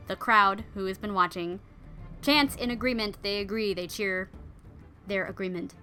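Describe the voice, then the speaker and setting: A woman's voice: mid-range voice, a little fast, sharp tone, faint music behind. A woman podcast host retelling an old legend in a chatty, playful storytelling style with casual asides.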